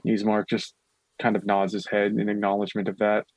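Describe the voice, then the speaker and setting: A man narrating a tabletop game as game master, giving lively scene descriptions. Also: on the low side, a little fast, no room sound, rough recording.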